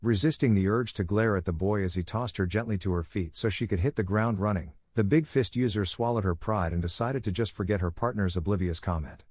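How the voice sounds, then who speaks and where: A man narrating a fan fiction audiobook in a steady storytelling manner. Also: on the low side, a little fast, few pauses, slightly rough, no echo.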